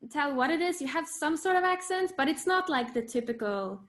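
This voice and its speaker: A woman's voice: sits high, lively intonation, brisk, fairly bright tone. A young woman from Sweden, a writer, chatting casually in an interview, laughing easily and often correcting herself. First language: Swedish. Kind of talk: casual video-call chat.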